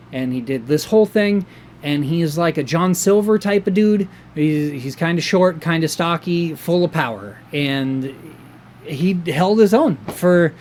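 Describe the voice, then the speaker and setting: Excitable rambling man, slightly high voice. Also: slight background noise. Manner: rambling and excitable, with many fillers and restarts. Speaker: wrestling show reviewer. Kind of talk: casual chat.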